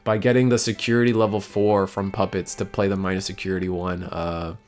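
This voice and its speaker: Rambling, excitable male card-game creator. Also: low voice, a little fast, soft background music. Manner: rambling, excitable, many restarts and "man" tags. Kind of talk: casual commentary on tournament deck lists.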